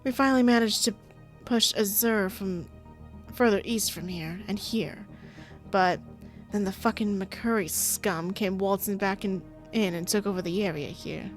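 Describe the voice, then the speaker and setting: A woman's voice: medium pitch, unhurried, faint music behind, close to an everyday voice. A woman voicing a cold, cunning female gang co-leader who speaks in short, clipped threats in a game. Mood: scornful.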